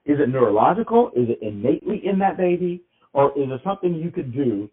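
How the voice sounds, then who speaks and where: A man's voice: on the high side, big pitch swings, fast talker. A man co-hosting a podcast, talking in a loose, rambling way with many restarts. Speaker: podcast co-host. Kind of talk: casual podcast chat. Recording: tinny phone-like sound.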